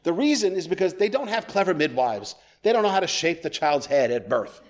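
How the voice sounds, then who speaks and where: A gentle ancient sage speaks with unhurried courtesy, answering every question with patience, as a preacher puts him on. The voice sits a little higher than a usual man's and stays calm and kind throughout. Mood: patient.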